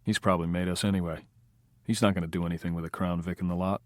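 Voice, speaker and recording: A laid-back, cocky hustler played by a man reading a crime novel aloud talks in a calm, dry, sardonic way. The voice is deep and sounds close and dry. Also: fast, no echo, natural voice. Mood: cool. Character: cool, unflappable male Hollywood operator.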